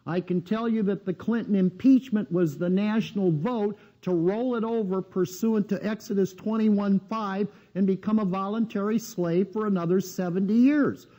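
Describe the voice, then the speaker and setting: A man's voice: sits high, normal speed, few pauses, warm tone. A man giving a live seminar lecture in a blunt, needling way, firing rhetorical questions at his audience.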